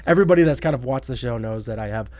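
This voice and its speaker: A man hosting a casual movie chat podcast, excitable and quick to act out loud reactions. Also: mid-range voice. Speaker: podcast host.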